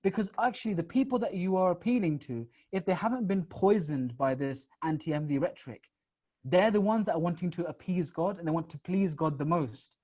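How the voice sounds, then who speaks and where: A young man from the UK, a missionary on a Q&A panel, telling stories in a quick, animated, casual way with repeated starts. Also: high-pitched. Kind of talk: casual storytelling in a Q&A.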